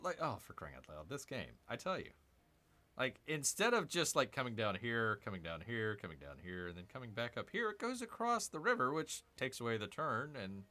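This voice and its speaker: A man's voice: mid-range voice, pushed and bright. A man casually commenting on his own gameplay, chatting to viewers with muttered asides and playful mock growls. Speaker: streamer.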